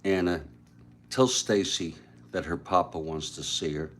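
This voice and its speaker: A man voicing a stoic, tender aging father and grandfather in a spoken story, speaking calmly and gently. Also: sits low, measured pace, a little hiss or hum. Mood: gentle.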